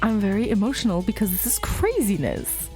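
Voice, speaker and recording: A woman's voice: mid-range voice, sing-song, brisk, a little mellow, soft background music. A young woman hosting a gaming video, chatting casually and emotionally about the story as she plays. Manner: rambling and emotional, many fillers and sighs. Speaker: gaming channel host. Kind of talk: casual game commentary.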